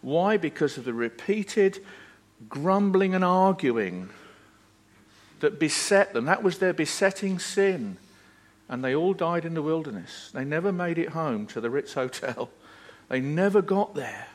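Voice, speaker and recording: A man's voice: on the high side, expressive, measured pace. A preacher delivers a sermon with earnest emphasis. His voice sits a touch above most men's, and he swells and then drops his intensity to drive each point home. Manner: earnest and emphatic, with rising and falling intensity and repeated phrases.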